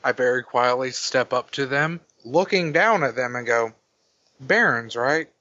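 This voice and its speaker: A man playing a tabletop game, briskly describing what his character does. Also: medium pitch, sharp tone, no room sound. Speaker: player. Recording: dull lo-fi recording.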